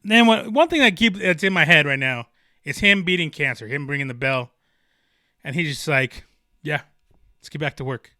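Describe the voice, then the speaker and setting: A man's voice: on the high side, expressive, normal speed, sharp tone, dry recording, clean studio sound. A man hosting a solo sports podcast, talking with passion and emphasis, often restarting his sentences. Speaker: podcast host.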